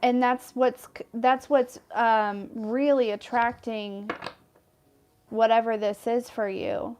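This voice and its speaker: A woman's voice: a little high, fairly even intonation, slow pace, darkish tone, a little hiss or hum. A woman in her thirties giving a casual tarot card reading, chatty and rambling with lots of fillers. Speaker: tarot reader.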